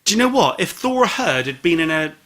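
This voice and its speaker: A man co-hosts a casual podcast chat, his voice bright and a touch high. He rambles and teases, and every so often he jumps up into loud exclamations. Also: very animated, a little fast. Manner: jokey, rambling, teasing, with sudden loud exclamations. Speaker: podcast co-host. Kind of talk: casual chat, album review.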